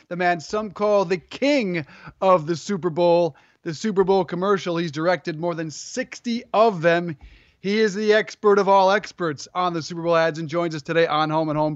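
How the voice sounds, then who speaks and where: A man with a high voice hosts a sports talk show and puts upbeat questions to his guest. The sound is dry and close, with slightly dull audio. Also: a bit bright, dry recording. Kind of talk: hosting an interview.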